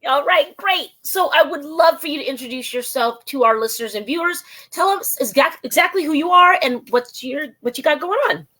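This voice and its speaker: A woman with a high voice hosts an interview in casual chat. She is enthusiastic and rambles, breaking into exclamations as she talks. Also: expressive, fairly quick, hardly any pauses, pushed and bright. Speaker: podcast host.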